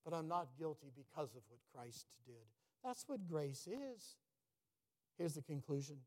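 A middle-aged man preaching a sermon, telling a personal story and swinging from loud, booming lines to hushed, near-whispered ones. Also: expressive, a little slow. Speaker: pastor.

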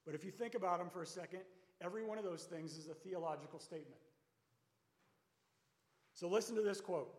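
Pastor, man, high voice, easy conversational sermon with rhetorical questions, roomy sanctuary sound. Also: a little fast, long pauses, a little mellow. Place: church sanctuary. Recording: echoey church sanctuary with long reverb.

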